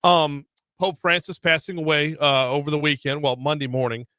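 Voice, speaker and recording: A man hosting a radio talk show, chatty and energetic, often repeating words as he starts a sentence. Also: fairly high pitch, normal speed, no echo. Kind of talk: radio interview.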